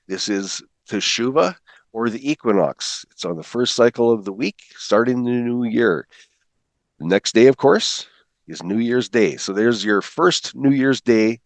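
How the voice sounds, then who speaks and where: A man teaching a Bible calendar class from slides, talking quickly and putting questions to his listeners. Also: on the low side, dry recording.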